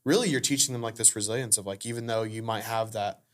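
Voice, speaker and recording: A man's voice: lowish voice, fairly even intonation, quick pace, a bit bright. A man hosting a casual faith podcast conversation, chatty and full of filler words. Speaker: podcast host.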